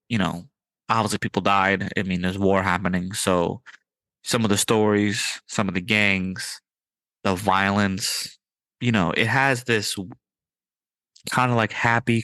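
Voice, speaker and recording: A man hosting a podcast in casual chat, excited and riffing, with his voice jumping up on punchlines. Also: sits low, no echo. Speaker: podcast host.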